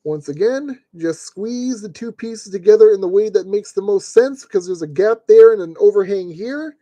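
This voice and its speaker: A man's voice: sits high, animated, normal speed, mellow, no echo. A man streaming live from his desk, casually talking himself through each step as he assembles a model kit. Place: at a desk indoors.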